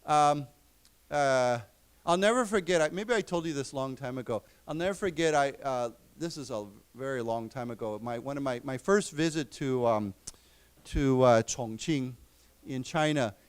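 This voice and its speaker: A man teaching an English class, explaining words slowly and repeating them. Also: mid-range voice, clear, resonant tone. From United States. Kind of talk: lecture. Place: library lecture room.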